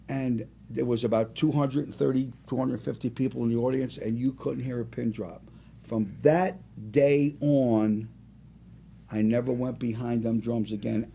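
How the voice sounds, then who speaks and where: A man around seventy, a singer and restaurant owner, telling rambling, animated stories as a guest in a casual interview. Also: mid-range voice, moderate pace, vocal fry, a little hiss or hum. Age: about 70.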